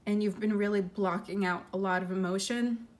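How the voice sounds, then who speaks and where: A woman giving an intuitive tarot reading, speaking gently and earnestly with frequent fillers and restarts, holding back tears. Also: medium pitch, fairly even intonation, normal speed. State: tearful, fighting emotion. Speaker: tarot reader.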